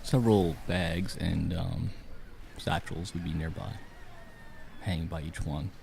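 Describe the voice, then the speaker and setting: A man's voice: deep voice, fairly even intonation, unhurried, vocal fry, a little mellow, a little hiss or hum. A man narrating a tabletop game as game master, mixing dramatic storytelling with casual rulings for the players.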